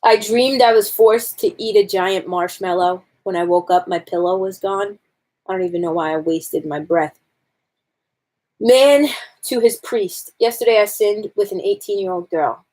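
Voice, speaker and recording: A woman's voice: mid-range voice, moderate pace, darkish tone. A woman on a casual live stream, reading jokes aloud and commenting on them to her viewers.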